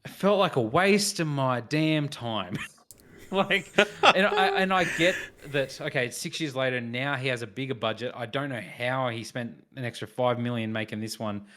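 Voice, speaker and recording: A man's voice: mid-range voice, moderate pace, sharp tone. A man co-hosting a film review podcast, chatting casually and acting out his own reactions as he tells the story. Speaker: podcast co-host reviewing films. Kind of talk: casual chat.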